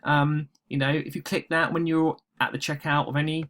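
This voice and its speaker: A man's voice: fairly high pitch, flat delivery, normal speed, a bit bright. A man from the UK casually talking through an app on his screen as a channel host, rambling with frequent fillers and asides. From United Kingdom. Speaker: online seller and channel host. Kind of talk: casual screen-recording walkthrough.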